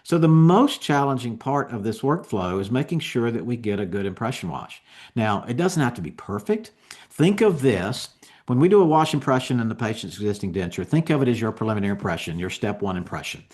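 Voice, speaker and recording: Relaxed male dental lecturer. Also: medium pitch, brisk. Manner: relaxed, conversational, explains step by step. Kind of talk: continuing education lecture.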